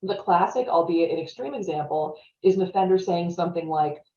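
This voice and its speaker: A woman's voice: fairly low pitch, a little fast, darkish tone, a little hiss or hum. Chatty woman presenter with roomy audio. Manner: chatty, often adds "right?" to check in. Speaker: webinar presenter on stalking. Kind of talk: conversational training webinar talk. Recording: roomy, distant, dull-sounding audio.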